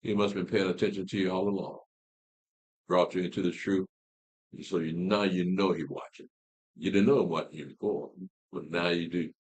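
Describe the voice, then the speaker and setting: A man's voice: low-pitched, fairly even intonation, moderate pace, darkish tone, breathy edge. A man leading a Bible class, talking casually, asking rhetorical questions and repeating words as he explains. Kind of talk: casual teaching talk.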